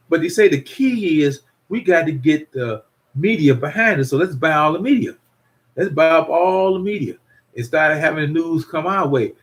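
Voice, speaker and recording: An older man hosting a casual livestream, rambling and repeating himself while greeting viewers. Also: mid-range voice. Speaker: livestream host.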